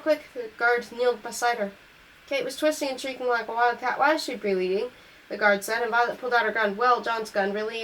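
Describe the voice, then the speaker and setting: A woman's voice: fairly high pitch, a bit bright, a little hiss or hum, low-quality recording. A woman reading a novel aloud, correcting small slips as she goes and lifting her voice for the dialogue. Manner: reads on through slips and self-corrections. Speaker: audiobook reader.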